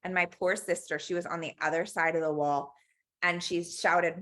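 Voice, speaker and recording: A woman's voice: lowish voice, steady tone, moderate pace, a bit bright. A woman teaching an online cooking class, telling stories and mixing in Spanish words as she cooks. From Los Angeles. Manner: chatty storyteller, mixes in Spanish words. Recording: echoey room.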